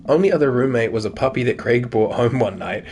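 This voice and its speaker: A goofy, soft-hearted dad from a dating-sim game, read by a man in his own voice. He talks fondly and jokily at a mid pitch. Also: a little fast, natural voice. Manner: fond, jokey. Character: warm, goofy widowed dad, sentimental.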